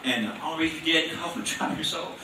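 A man's voice: a little high, rapid-fire, background noise. A man preaching a sermon in a church. He talks emphatically, asks rhetorical questions and leads call-and-response. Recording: echoey room, mic at a distance.

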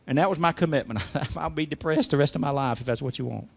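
A man with a light, high-pitched voice preaches a sermon. He builds his lines emphatically and calls on the congregation to repeat after him. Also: quick pace, vocal fry. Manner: emphatic call-and-response preaching. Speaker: pastor.

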